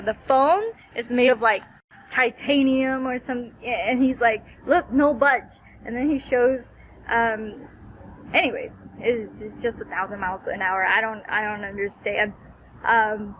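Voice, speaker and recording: A woman with a fairly high voice recaps her day in a casual vlog. She rambles and tells it with energy, filling her story with "like" and quoted asides. A faint hiss of background noise sits under her voice. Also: poor audio. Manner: rambling, animated storytelling with many fillers. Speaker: vlogger.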